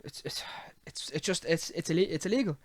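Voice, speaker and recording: A young Irish man hosting a casual late-night podcast, ranting in an animated, sweary way. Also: a little high, fast talker, dry recording, studio quality. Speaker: podcast host.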